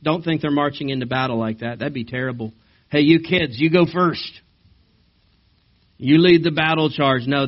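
Brief: male pastor, mid-pitched, animated sermon with questions to the congregation, slightly dull recording. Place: church service.

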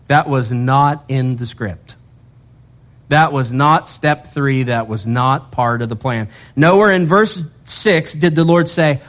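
A male pastor delivering a sermon, animated and lively, who slips humorous asides in between scripture readings. His voice sits at an average pitch for a man. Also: a little slow.

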